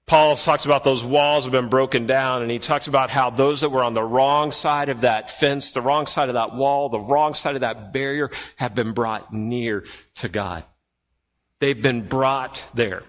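Pastor preaching in a reverberant hall. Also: male voice, mid-range voice, measured pace, a bit bright. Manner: earnest, repeats phrases, talks to the congregation directly. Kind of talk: sermon. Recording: long reverb of a church hall.

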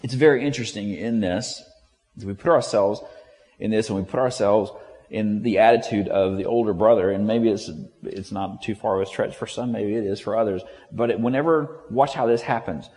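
A man's voice: on the low side, brisk, darkish tone. A man preaching a sermon in a loose, conversational way, acting out the quoted lines with shifts in tone. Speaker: pastor. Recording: long hall reverb.

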